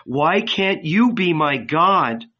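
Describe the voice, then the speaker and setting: A man reading aloud and voicing a gentle young man who speaks softly and tenderly. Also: fairly high pitch, animated, slow, dull audio, voice pushed up, full character voice. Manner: soft, tender.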